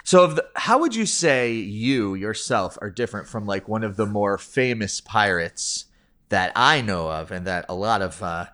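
A man's voice: on the low side, big pitch swings, moderate pace, pushed and bright. A man hosting a casual interview, playful and rambling, laughing often. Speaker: podcast host.

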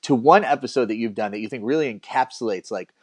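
A man's voice: medium pitch, quick pace, slightly rough, no echo. A man hosting a podcast, chatting casually and encouraging his guest in an upbeat way. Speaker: podcast host. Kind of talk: casual interview chat.

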